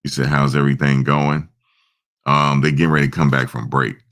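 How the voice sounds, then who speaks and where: Male streamer, very deep and gravelly, casual, rambling chat. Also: level tone, a little fast, a bit bright. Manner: rambling, chats with viewers' comments. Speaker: livestream host.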